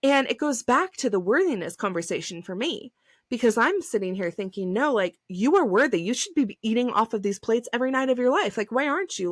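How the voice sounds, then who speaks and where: Clean studio sound with no room echo captures this thirtysomething podcast host, whose slightly high voice moves briskly with lively intonation. Talking alone in a casual way, she's chatty and gushing, leaning on "like" and punctuating with emphatic outbursts.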